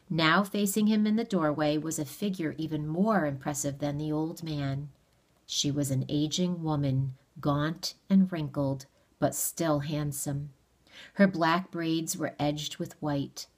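A woman reading a novel aloud in a steady, measured storytelling manner. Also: low voice. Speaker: audiobook reader. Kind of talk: read-aloud narration of a novel.

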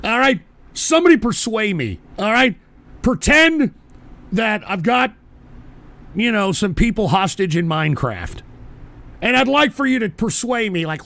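A man hosts a live call-in stream with a high-set voice that grinds with heavy fry. He rants belligerently and profanely at his chat, often bursting into shouts. He talks into a desk microphone. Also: very animated, a little slow, pauses often. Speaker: call-in show host.

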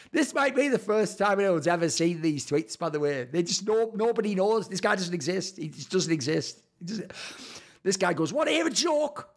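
A man in a sarcastic, profane commentary on old tweets, swinging between loud outbursts and low mutters. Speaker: esports commentator and YouTuber.

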